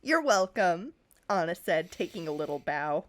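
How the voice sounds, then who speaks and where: A woman's voice: on the low side, normal speed, a little hiss or hum. Laughing woman reading fanfic aloud. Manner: animated, laughs often, reads in quoted voices. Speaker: podcast co-host.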